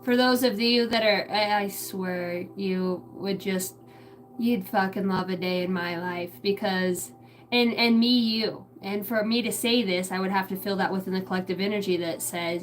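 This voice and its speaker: A woman's voice: mid-range voice, normal speed. Brief: young woman psychic streamer, casual rambling chat, lots of swearing, faint background noise at home. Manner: rambling, swears a lot, animated. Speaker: livestream psychic reader.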